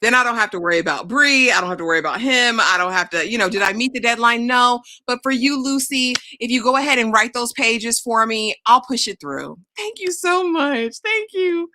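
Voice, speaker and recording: A woman co-hosting a casual TV recap, telling the plot in a sassy, animated way. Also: on the high side, fairly quick, hardly any pauses. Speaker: TV recap co-host.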